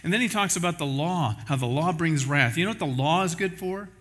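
A man's voice: on the high side, animated, a little fast, a bit bright. A man preaching a sermon as pastor, in a conversational style with everyday examples.

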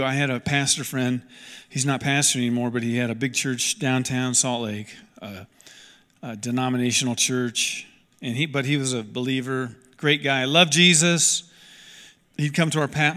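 A man's voice: medium pitch, sharp tone, in a large hall. A man preaching a sermon as a pastor, earnest and emphatic, repeating key lines and restarting sentences as he goes.

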